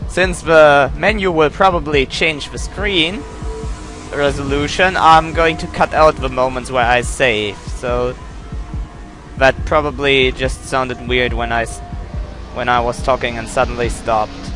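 A man's voice: mid-range voice, fairly even intonation, a little slow, music in the background, poor audio. A young man commentating his own horror game playthrough, jumpy and swearing a lot, muttering to himself between scares. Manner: jumpy, swears a lot, yells when startled. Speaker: let's play gamer.

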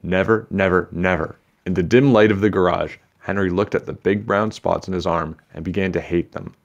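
A man reading a children's book aloud with steady, expressive storytelling. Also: low-pitched, fairly quick, creaky, highs cut off.

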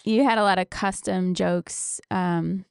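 A woman's voice: lowish voice, steady tone, unhurried, vocal fry, smooth, no room sound, studio quality. A woman in her thirties co-hosting a podcast, chiming in with supportive comments and short agreements. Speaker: podcast co-host. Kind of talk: casual chat.

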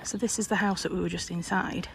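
A woman's voice: fairly low pitch, fairly even intonation, quick pace, vocal fry, slight background noise. Chatty Yorkshire woman vlogging. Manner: chatty and enthusiastic, hushed in the museum. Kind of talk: casual chat to camera. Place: historic house and grounds on a day trip. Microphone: handheld camera.

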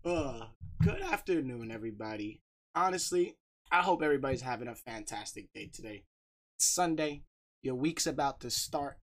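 Male streamer, laid-back and upbeat, rattling off shout-outs to chat on a desk mic. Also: medium pitch, expressive, normal speed. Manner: upbeat, shouting out viewers by name. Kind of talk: casual livestream chat.

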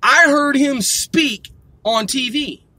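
A man's voice: very high-pitched, slow, sharp tone, no echo. A man delivering a heated, profanity-laden monologue, repeating himself as he builds up steam. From United States. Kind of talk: ranting monologue.

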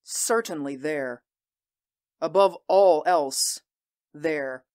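A proud warrior queen speaks in a somewhat low, unhurried voice, as a woman acts her out. She sounds intense and commanding, weighing each word. Her ambition and iron pride carry through a radio-drama style reading. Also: a little mellow. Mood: proud, fierce. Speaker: voice actor. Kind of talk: audio drama acting.

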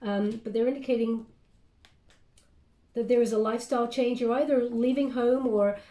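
A woman's voice: a little high, steady tone, moderate pace, warm tone. A woman giving a casual spoken tarot reading, chatty and meandering, often checking in with her listener. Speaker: tarot card reader. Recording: roomy echo.

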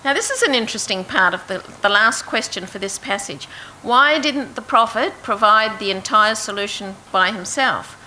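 A woman's voice: medium pitch, moderate pace, bright, forceful tone, a little hiss or hum, poor audio. A woman teaching a Bible passage to a group, reading verses aloud and asking her listeners questions. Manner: asks the audience questions, reads verses aloud. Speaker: preacher.

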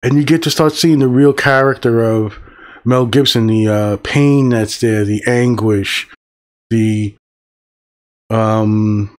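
A man in his fifties giving a casual spoken film review, excited and profane, rambling with fillers. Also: medium pitch. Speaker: movie reviewer.

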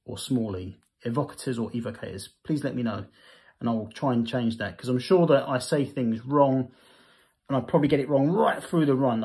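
A man's voice: medium pitch, gravelly, darkish tone. A man casually reviewing a hobby magazine, chatting and reading passages aloud with frequent self-corrections. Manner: chatty, self-correcting, reads text in bursts.

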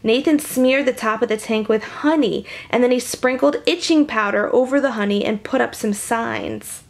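A woman reads a children's picture book aloud on camera, animated and chatty. She often drops to a whisper. Her fairly high voice has a gravelly edge. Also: normal speed. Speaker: children's story reader.

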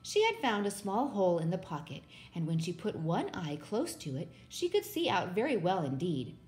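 A woman reading a children's book aloud in a steady, expressive way. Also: lowish voice, moderate pace, slight background noise. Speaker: storybook reader.

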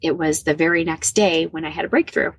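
A woman's voice: sits low, brisk, breathy edge, dry recording. A woman in her forties from the American Midwest, a podcast guest candidly telling her personal story and repeating herself when emotional. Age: 40s.

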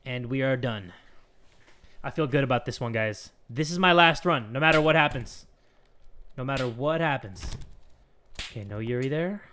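Young man, gaming commentary, excitable, high pitched, lively swings in pitch. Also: slight background noise. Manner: excitable, shouts and whispers at the game. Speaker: gaming YouTuber. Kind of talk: let's play commentary.

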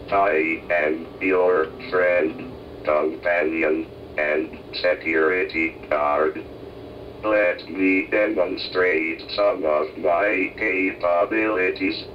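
A male-sounding speech synthesizer, a friendly small personal robot with a low buzzy monotone, on a muffled cassette tape. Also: recorded from a distance, slight background noise.

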